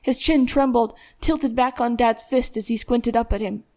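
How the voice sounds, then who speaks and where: A woman narrates a tense thriller audiobook, carrying the story in a steady, dramatic delivery at a moderate pace. Her voice is somewhat high for a woman.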